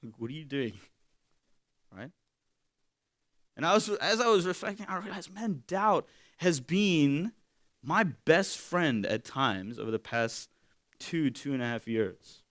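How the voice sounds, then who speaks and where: A man giving a sermon in a candid, conversational way, swinging from loud to hushed. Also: on the high side, animated, a little slow. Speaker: pastor.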